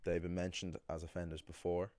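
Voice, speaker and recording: A man teaching Irish pronunciation speaks briskly in a deep, level voice with a darkish tone. He emphatically criticizes common learner mistakes and frequently starts over. No echo is heard.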